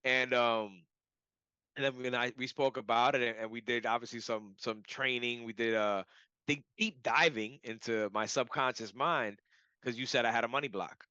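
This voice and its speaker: A man telling a personal story in a casual, animated way, full of "like" and "you know". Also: mid-range voice, normal speed, smooth, dry recording. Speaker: client giving a testimonial. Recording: dull lo-fi audio.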